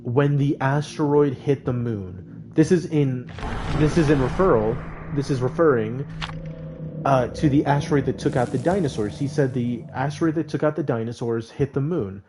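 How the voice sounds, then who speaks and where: A young man streamer telling casual stories with animated, laughing delivery and high squeaky outbursts when quoting himself. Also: normal speed, noisy background. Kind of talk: casual storytelling.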